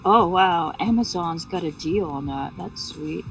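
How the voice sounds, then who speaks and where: A woman's voice: lowish voice, measured pace, a bit bright, a little hiss or hum. A woman streamer feeling sick with a sore throat, rambling and swearing with lots of fillers in casual live-stream chat. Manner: rambling, profane, many fillers. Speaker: game streamer. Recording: distant mic with music.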